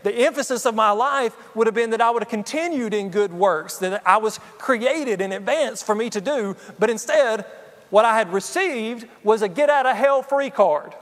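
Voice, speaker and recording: An earnest man with a high voice preaches a personal sermon. He keeps checking in with his listeners. His words ring out with a long echo, as in a large hall. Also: normal speed. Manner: earnest, personal, addresses the congregation with frequent "okay?". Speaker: pastor.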